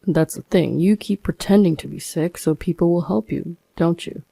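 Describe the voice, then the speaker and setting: A smug young husband scolds and brushes off his wife in a lowish, mellow, unhurried voice, as a woman narrator puts him on. He talks down to people and sounds dismissive. The recording is close and dry. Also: creaky, slightly rough, no echo. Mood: scolding.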